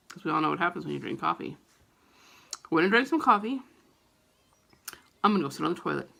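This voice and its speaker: A middle-aged woman vlogger telling a story to camera in a casual, animated, profane way, with a gravelly voice. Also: lowish voice, quick pace, long pauses.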